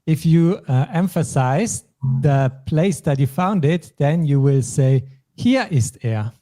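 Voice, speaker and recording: A man's voice: on the high side, slow, warm tone. A man from German-speaking Europe hosting a language lesson, patiently explaining phrases and vocabulary step by step. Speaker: language teacher.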